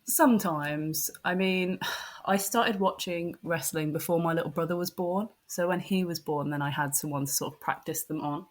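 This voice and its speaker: A woman's voice: fairly low pitch, normal speed. A woman in her twenties with an English accent, a friendly podcast guest who laughs easily. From England. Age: 20s. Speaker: guest wrestling fan. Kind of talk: casual interview.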